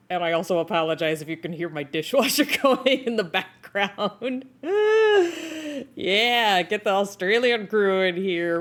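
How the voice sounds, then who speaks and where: A woman's voice: mid-range voice, expressive, unhurried. A woman chatting casually with her live-stream viewers while she draws, laughing often. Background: video game music playing.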